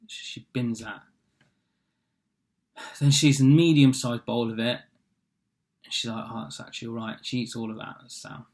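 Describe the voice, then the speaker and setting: A man's voice: medium pitch, unhurried, long pauses, darkish tone. A young man casually retells a fairy tale from memory. He talks offhand, with many fillers and side remarks. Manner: rambling and offhand, full of fillers and asides. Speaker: storyteller.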